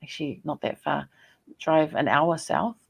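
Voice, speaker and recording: A woman from New Zealand with a New Zealand accent, a scholar telling stories in a chatty, animated way on a podcast call. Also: low voice, measured pace, gravelly, breathy edge. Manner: chatty, animated storytelling with laughs. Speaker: guest, Māori scholar and poet. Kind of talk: casual podcast conversation.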